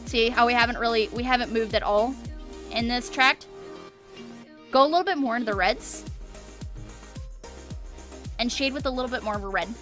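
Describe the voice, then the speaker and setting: A woman's voice: a little high, normal speed, long pauses, a bit bright, faint music behind. A woman streaming a live art critique, encouraging, often checking in with "okay?" and repeating words for emphasis.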